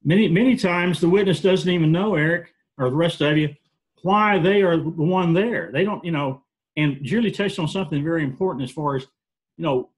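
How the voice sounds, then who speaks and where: A man with a voice a little higher than most men's tells folksy war stories on a webinar panel. He often repeats words while he works out what to say next. He is heard over a video call. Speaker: jury consultant.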